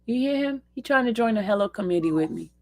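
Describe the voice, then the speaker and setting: A woman's voice: medium pitch, expressive, fast talker, a little mellow. A woman hosting a casual livestream, talking expressively and fondly to her viewers and her dog. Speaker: livestream host.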